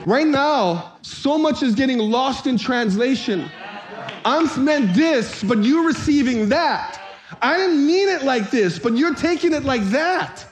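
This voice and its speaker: Delivering a sermon a little slowly, this pastor has a very high-pitched voice. He spins a comic story with animation, performing the voices and shouting to get laughs.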